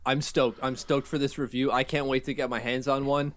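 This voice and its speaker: A man co-hosting a casual sports podcast, animated and joking with his partner. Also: mid-range voice, brisk. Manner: animated, jokey, reads ad copy. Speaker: podcast co-host.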